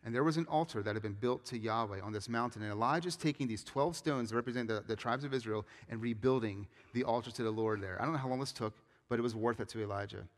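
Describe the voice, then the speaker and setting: A man preaching a sermon as a pastor, moving between loud emphatic scripture reading and quiet earnest appeals. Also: mid-range voice, quick pace, hardly any pauses. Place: church sanctuary. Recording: long reverb of a church hall.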